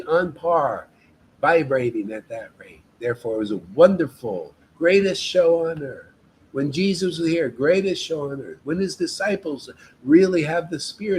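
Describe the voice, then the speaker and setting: A man's voice: on the high side, a little mellow, a little hiss or hum, low-quality recording. A man leading a devotional meetup, giving an informal spiritual talk in an emphatic, exhorting way and often addressing listeners as "man".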